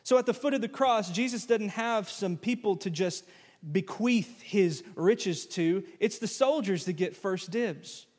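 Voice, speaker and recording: A male pastor preaching a sermon, lively and conversational, slipping into casual phrases as he walks through a scripture reading. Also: high-pitched, measured pace. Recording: long church-hall reverb.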